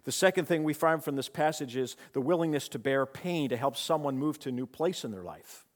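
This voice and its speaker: A man preaching a sermon with a dynamic delivery that swings between raised, emphatic passages and hushed, quiet ones. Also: on the high side. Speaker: pastor. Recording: long hall reverb.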